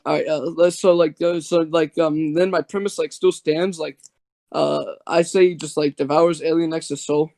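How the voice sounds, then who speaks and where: A man's voice: fairly high pitch, fairly even intonation, normal speed, creaky, a little mellow. A man debating over a voice call, rambling and filling his talk with "like". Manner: rambling, heavy on filler words. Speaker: debater and channel host. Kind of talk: casual online debate.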